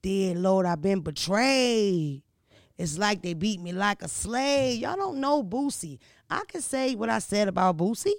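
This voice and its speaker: A brash woman, chatting and telling stories in a loud, profane, animated way. Her voice has a gravelly rasp. The sound is dry and close, with no room around it. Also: medium pitch, normal speed, hardly any pauses, dry recording. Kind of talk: casual storytelling chat.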